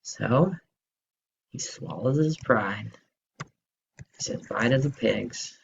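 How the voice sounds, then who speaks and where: A male teacher telling a story to children in an expressive, slow storytelling manner. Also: medium pitch, vocal fry, husky, muffled recording.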